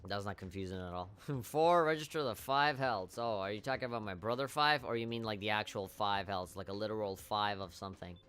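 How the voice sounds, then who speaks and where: Guy streaming a game, swears a lot, wry, bright sharp voice, faint music behind. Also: on the low side, fast talker, hardly any pauses, clean tone. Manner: profane, wry, rambling. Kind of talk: live gameplay commentary.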